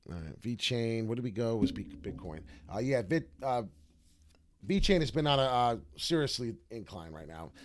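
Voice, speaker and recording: A man's voice: mid-range voice, no echo. Brash hyped man, dry close sound. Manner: brash, hyped, slangy and rambling, with many filler uhs. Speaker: crypto chart streamer. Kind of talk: casual live commentary.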